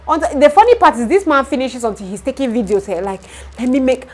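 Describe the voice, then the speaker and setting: A young woman with a Nigerian accent, a vlogger and shop owner telling an exasperated story in casual talk, breaking into loud outrage. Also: sits high, expressive, fast talker, few pauses, low-quality recording.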